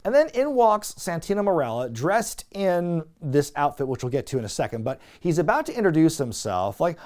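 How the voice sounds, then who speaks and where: A man recaps a wrestling show in a casual, sarcastic way. His pitch rises and falls a lot, and he swears freely when something annoys him. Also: very animated, brisk, few pauses, a little mellow. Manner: sarcastic, swears, mocks dialogue with quoted impressions.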